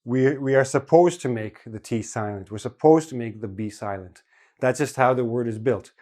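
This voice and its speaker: A young Canadian man gives an English lesson straight to his viewers. He speaks slowly and deliberately, stressing every syllable so each word can be caught. His voice is of ordinary pitch for a man. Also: darkish tone. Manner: slow, carefully enunciated, stresses each syllable. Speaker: English teacher. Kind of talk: scripted lesson to camera.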